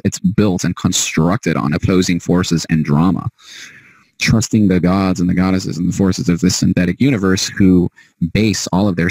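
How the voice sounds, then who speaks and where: A man's voice: low voice, darkish tone, no room sound, poor audio. A man hosting a solo podcast monologue, heated and emphatic, cursing freely. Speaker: podcast host.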